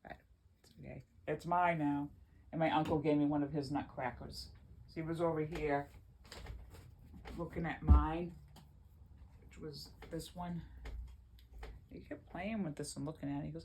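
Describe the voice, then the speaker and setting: A woman's voice: sits low, steady tone, normal speed, long pauses, darkish tone, slight background noise. A woman vlogging from her home in a rambling, chatty way, often laughing as she talks. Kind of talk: casual chat to camera.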